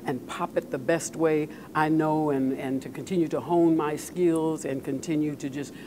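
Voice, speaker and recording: A woman's voice: low-pitched, fairly even intonation, moderate pace, background noise. An older woman, an actress guest, answering interview questions in an earnest way, often repeating words as she thinks.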